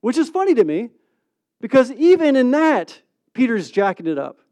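With a high-pitched voice captured in a dry recording free of room echo, a pastor preaches a lively, conversational sermon. He dramatizes the scenes, shifts fast from booming to hushed, and keeps asking "right?"

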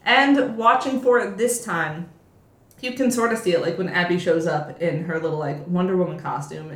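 Young woman acting out quotes, echoey room. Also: fairly low pitch. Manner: acts out characters' lines in quick bursts. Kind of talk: casual film discussion.

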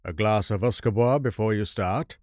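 A man's voice: fairly low pitch, darkish tone, no echo, studio quality, lightly acted. Man voicing a bitter old recluse scholar. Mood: grave. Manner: measured, grave, formal delivery. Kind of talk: audiobook horror story reading.

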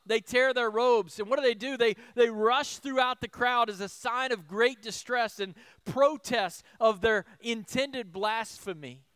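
A male pastor delivers a sermon in a high, smooth voice. He asks the room rhetorical questions, punches key lines loudly and then drops to quiet asides. The sound is dry and close. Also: dry recording. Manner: animated, rhetorical questions, shifts between loud emphasis and soft asides.

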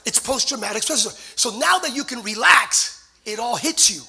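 A middle-aged man preaching a sermon, moving from quiet storytelling to shouted, fervent declarations and call-and-response with the congregation. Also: very high voice, expressive, quick pace, creaky, breathy edge. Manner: playful, sings snatches of songs and jokes with the crowd. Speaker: pastor.

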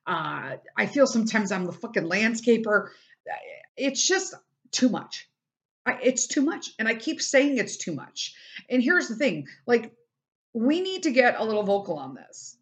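A woman's voice: on the high side, sing-song, a little slow, dull audio. A middle-aged woman hosting a casual solo podcast, venting bluntly and swearing a lot as she talks about her family and her frustrations. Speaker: podcast host.

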